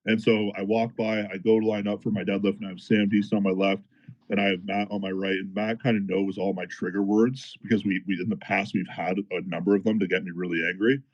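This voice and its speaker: Low-voiced profane powerlifter telling a story. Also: male voice, a little fast, muffled recording. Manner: animated, profane, fired-up retelling. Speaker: powerlifter guest. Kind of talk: casual podcast storytelling.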